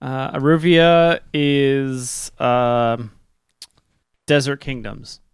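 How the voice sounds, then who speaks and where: A man's voice: medium pitch, drawn-out words, smooth, no echo, studio quality. A man running a tabletop game, explaining the rules casually with many fillers. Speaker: game master.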